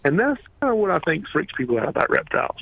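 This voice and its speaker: A man who runs a reptile rescue, telling animated stories as a radio interview guest and acting out the quotes. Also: high voice, fast talker, creaky, lo-fi sound. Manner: animated storyteller, acts out quotes.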